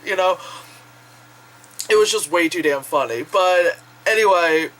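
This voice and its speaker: A woman vlogger talks loosely to the camera, rambling from one point to the next. She swears freely and laughs often. Her voice is bright and forceful. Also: on the low side, a little slow, long pauses, rough recording. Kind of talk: casual rambling vlog chat.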